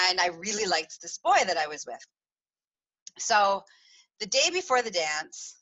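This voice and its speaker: A woman's voice: mid-range voice, pushed and bright, poor audio. A woman hosting a podcast, telling a personal story in a chatty, giggly way with lots of rambling restarts. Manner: rambling with many restarts and fillers. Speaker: podcast host.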